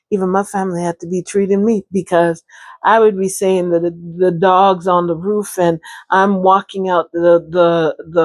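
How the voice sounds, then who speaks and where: A woman tells her own story in a relaxed, chatty way, laughing often and talking straight to her listeners. Her voice sits a little low, and she speaks slowly with plenty of pauses. The sound is dry and close, with no room echo. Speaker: vlogger sharing her brain injury recovery. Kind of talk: casual personal storytelling to camera.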